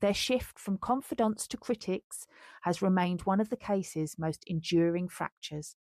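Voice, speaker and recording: A woman's voice: fairly low pitch, a little slow, a little mellow, no room sound. A woman podcast co-host who reads a true-crime script and breaks off into joking asides. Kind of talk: scripted true-crime narration mixed with casual chat.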